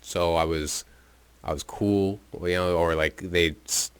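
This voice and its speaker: A man's voice: deep voice, steady tone, unhurried, smooth. A man telling a personal story in a rambling, profane, casual way into his own microphone, with chuckles and filler words. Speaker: podcast storyteller.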